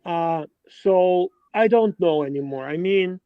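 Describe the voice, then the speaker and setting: Through a dry, dull lo-fi microphone with no echo, a livestream co-host talks unhurriedly in a clean, fairly high voice. He's a regular on the casual stream, hesitant and full of fillers, yet reassuring.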